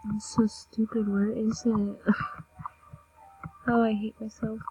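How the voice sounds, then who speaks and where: Slow-talking young woman narrating gameplay. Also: fairly high pitch, little pitch movement, warm tone, breathy edge, rough recording. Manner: chatty, self-mocking, drops into whispers. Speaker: gameplay video maker. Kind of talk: casual gameplay commentary.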